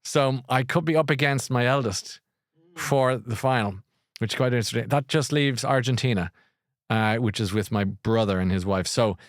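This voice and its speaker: A man's voice: mid-range voice, no echo. Irish guy hosting a live chat, rambly, laughs a lot, dead dry sound. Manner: rambling, chatty, quick to laugh. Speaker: podcast host.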